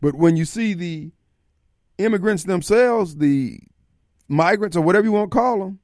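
A man's voice: sits high, normal speed, dry recording, studio quality. A man hosting a political talk radio show, delivering a fiery monologue and acting out imagined critics. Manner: animated, acts out imagined callers and critics.

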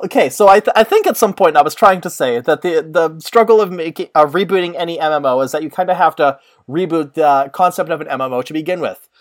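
Rambling, animated podcast co-host. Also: mid-range voice. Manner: rambling, animated, quick asides. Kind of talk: casual chat.

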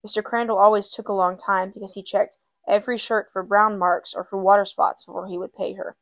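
A woman narrating a novel in a measured, steady way, in audiobook style. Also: medium pitch, no room sound.

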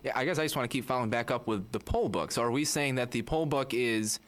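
A man's voice: medium pitch, fast talker. A legislator questioning a witness, hesitant and often repeating his words.

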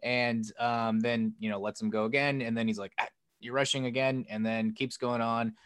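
A man's voice: on the low side, little pitch movement, normal speed, a bit bright, clean tone, dry recording. A man co-hosting a podcast, casually recounting a story in a loose, rambling way full of "like" and "um". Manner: loose and rambling, heavy use of "like" and "um"; acts out quoted lines with a lifted voice. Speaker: podcast co-host. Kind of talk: casual chat recounting a film plot.

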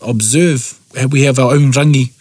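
A New Zealand man co-hosting a casual chat, reflective and thinking aloud with pauses. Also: medium pitch, fairly even intonation, darkish tone, husky, no echo, clean studio sound. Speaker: te reo Māori podcast co-host. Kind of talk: casual conversational discussion.

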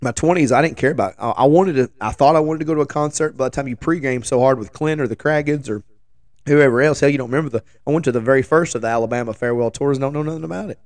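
A man in his forties with a hoarse voice after the flu, telling a rambling, joking story as a show host. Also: medium pitch, quick pace, a little mellow, dry recording, studio quality. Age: 40s. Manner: rambling, self-deprecating, joking asides. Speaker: podcast host. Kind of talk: casual storytelling chat.

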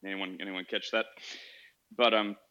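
A man's voice: lowish voice, level tone, normal speed, dull audio. A man hosting a casual call-in podcast, talking animatedly and acting out quoted voices. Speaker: podcast host.

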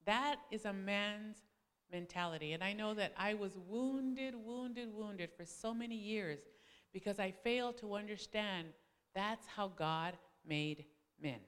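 A woman telling a personal story in a sermon to a congregation, animated and dramatic as she acts out quoted arguments. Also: unhurried, in a large hall. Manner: animated storytelling, acting out quoted arguments with big pitch swings. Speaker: preacher's wife speaking to a congregation. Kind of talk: sermon-style personal testimony.

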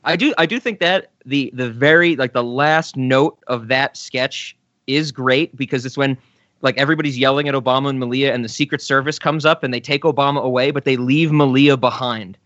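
A man co-hosting a podcast, chatting casually about comedy sketches, laughing often and letting his words trail off softly. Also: medium pitch, a little fast, no room sound, muffled recording. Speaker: podcast co-host. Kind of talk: casual chat reviewing sketches.

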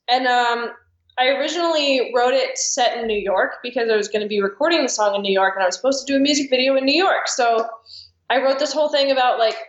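A woman's voice: a little high, roomy sound, muffled recording. A young woman talking as a guest on a podcast, chatty and rambling with lots of ums and likes. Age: young adult. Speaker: guest, actress and singer. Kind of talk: casual podcast chat.

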